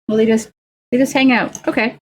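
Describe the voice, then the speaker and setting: A woman's voice: a little high, fairly even intonation, brisk, husky. A young woman streaming as she builds miniatures, chatting playfully and making silly sing-song noises. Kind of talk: casual chat while crafting miniatures.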